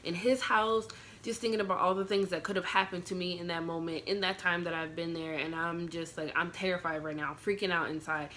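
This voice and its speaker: A young vlogger with a low-sitting, slightly bright voice tells her audience a personal story at a brisk pace and with fairly even intonation. Her emotional retelling rambles, packed with "like" and "I'm just like," as she relives the moment. A faint hiss of noise runs beneath her voice.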